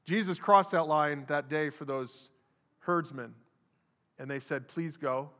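Male pastor, animated sermon delivery, bright, sharp tone, big reverberant church hall. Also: a little high, a little slow. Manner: animated preaching, acts out quoted voices.

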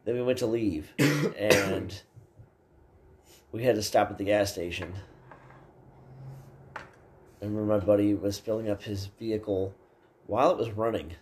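A man's voice: on the low side, measured pace, pauses often, noisy background. A man hosting a podcast, casually telling stories in a laid-back way and laughing along. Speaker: podcast host. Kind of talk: casual chat.

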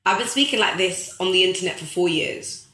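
A woman's voice: lowish voice, a little fast, sharp tone. Emphatic motivational woman, echoey room. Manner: preachy, emphatic, repeats phrases for effect; addresses viewers directly as guys. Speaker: host of a live stream. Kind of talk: motivational live-stream talk.

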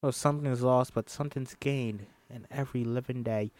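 Speaking at normal speed with few pauses, a medium-pitched man does an animated solo table read of a film script. He covers the stage directions and every part himself, and the studio-quality audio has no echo.

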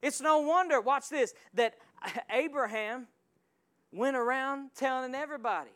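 A male pastor preaching a sermon in a church, calling out to the congregation and swinging from quiet asides to loud surges. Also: very high voice, measured pace, clean tone. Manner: call-and-response preaching with sudden loud surges.

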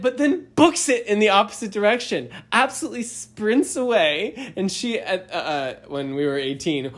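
A young man casually telling a story on a podcast, rambling and self-deprecating, often laughing mid-sentence. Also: on the high side. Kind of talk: casual chat.

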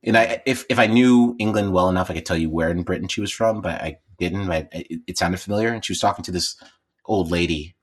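A man's voice: sits low, a little fast. A man co-hosting a casual podcast chat, telling a rambling story full of restarts and repeated words. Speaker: podcast co-host.

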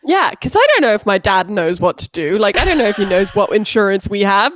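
A woman's voice: mid-range voice, fairly quick. A woman co-hosting a podcast, telling stories in casual chat and acting out quotes. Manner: expressive, acts out quotes, laughs. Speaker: podcast co-host.

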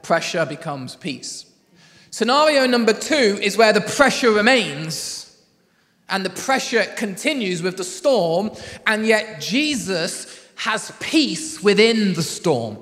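A man's voice: high voice, sing-song, slow, a bit bright, in a large hall. A male pastor, preaching in a chatty storytelling way and laughing easily. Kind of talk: sermon.

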